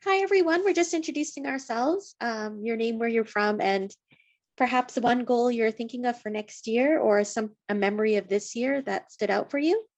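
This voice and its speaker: A woman's voice: a little high, moderate pace. A woman co-hosting a group video call, inviting others to introduce themselves. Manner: friendly, inviting. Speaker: group co-host.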